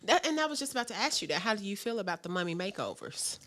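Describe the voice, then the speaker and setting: A woman's voice: mid-range voice, fast. A middle-aged woman co-hosting a podcast, telling personal stories frankly and with plenty of laughter. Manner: frank, animated storytelling with laughter. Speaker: podcast co-host. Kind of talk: casual chat.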